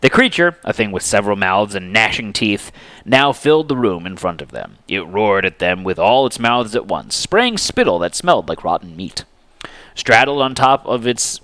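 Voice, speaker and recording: A man narrating a fantasy story aloud in an expressive, animated dramatic reading. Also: fairly low pitch, normal speed, no echo.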